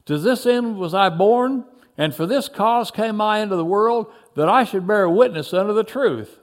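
A man voicing a calm, dignified prisoner who answers quietly in measured archaic speech. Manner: quiet, measured, lower and softer than the narration. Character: calm, dignified male prisoner, a gentle teacher.

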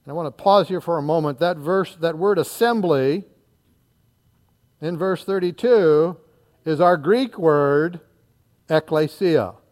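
A man preaching an expository sermon, reading scripture aloud and explaining it verse by verse, acting out the crowd and dropping into quiet asides. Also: unhurried, long pauses. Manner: animated, acts out the crowd, dropping to low asides.

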